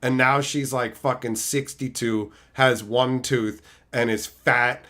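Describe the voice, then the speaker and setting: A man streaming, answering his chat and telling stories in a loud, profane, laugh-filled way. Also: mid-range voice, slow pace. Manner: animated, profane storytelling with frequent laughter. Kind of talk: casual livestream chat.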